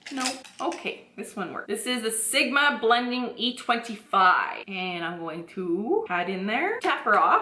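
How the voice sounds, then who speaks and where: A Canadian beauty vlogger chats casually through a makeup tutorial at home, rambling with asides and laughing often while a thunderstorm rages outside. Her mid-range voice has a sharp tone and sounds reverberant indoors.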